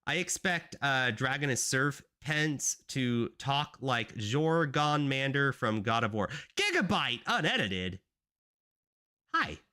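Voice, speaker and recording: A man streaming as a game developer chats casually on a live stream, rambling with lots of fillers. His mid-range voice swings widely in pitch, moving slowly with a sharp tone.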